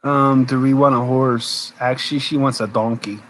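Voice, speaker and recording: A man's voice: medium pitch, steady tone, normal speed, a bit bright, rough recording. A man hosting a casual late-night live stream, rambling, answering viewers' comments, tired and yawning. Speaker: homesteader live-stream host.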